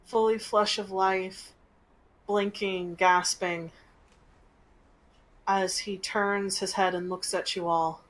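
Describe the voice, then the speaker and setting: Slow-paced woman game master. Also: mid-range voice, level tone, low-quality recording. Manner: slow, gentle storytelling. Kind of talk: narrating a tabletop game.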